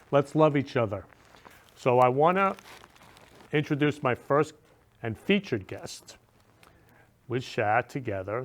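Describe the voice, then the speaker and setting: Gushing man hosting a show. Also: mid-range voice. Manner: gushing, effusive, sentimental. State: emotional, near tears. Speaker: talk show host. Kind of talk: casual live show chat.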